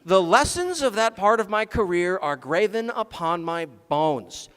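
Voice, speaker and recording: A man's voice: high voice, big pitch swings, a little slow, fairly bright tone, smooth. A man giving a comedic technical talk at a conference, full of dry, sarcastic jokes. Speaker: conference speaker. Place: conference hall stage. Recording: long reverb of a large hall.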